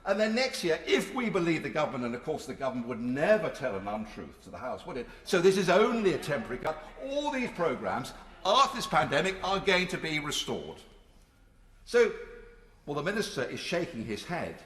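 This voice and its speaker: A man's voice: a little high, very animated, fairly quick, fairly bright tone. A man in his sixties giving an emphatic, rhetorical parliamentary speech with touches of dry sarcasm. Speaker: member of parliament. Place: large debating chamber. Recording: echoey chamber with long reverb.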